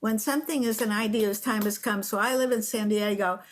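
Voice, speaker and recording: Older female guest, animated storyteller on a podcast. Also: medium pitch, a little fast. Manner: animated storyteller who acts out quotes. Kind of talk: storytelling interview.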